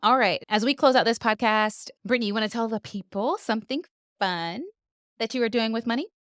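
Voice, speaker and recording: A woman talks briskly and chattily as a podcast co-host, trading playful stories at a quick clip. Her voice sits at an ordinary pitch. It is recorded close and dry, with no room sound. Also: a bit bright, dry recording. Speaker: doctor. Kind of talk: casual podcast chat.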